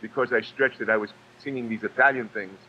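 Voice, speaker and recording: Low-voiced man from New York, halting delivery. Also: steady tone, muffled recording, slight background noise. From New York, USA. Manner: halting, restarts with many fillers and repeated words. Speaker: guest, actor and singer. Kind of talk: casual storytelling interview.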